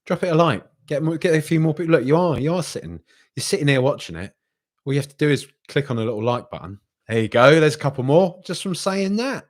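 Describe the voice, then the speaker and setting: A young man hosting a live football reaction stream and reading out viewer comments in a chatty, animated way, often repeating himself. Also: fairly high pitch, fast talker. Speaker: football podcast host.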